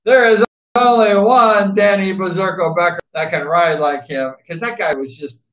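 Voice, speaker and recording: A man with a high-pitched voice of fairly even intonation reminisces about a speedway rider at normal speed, rambling and repeating himself enthusiastically. It's a casual spoken tribute in a roomy, dull lo-fi recording.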